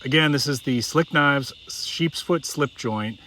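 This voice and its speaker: Middle-aged man, knife reviewer, bright, folksy and conversational, shows as he talks. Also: medium pitch, a little slow, slight background noise. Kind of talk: casual product review.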